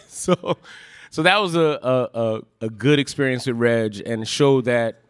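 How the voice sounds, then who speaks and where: A man's voice: mid-range voice, unhurried, clean tone. A man telling a story on a live stage, rambling and acting out the lines he quotes. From Brooklyn, New York. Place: live show in a ballroom.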